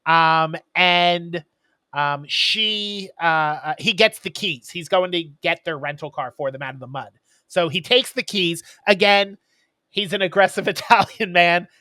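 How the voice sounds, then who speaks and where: A man's voice: high voice, a little slow, bright, forceful tone, no room sound. A man co-hosting a podcast, casually retelling a movie plot in a rambling way with many ums and uhs. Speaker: podcast co-host.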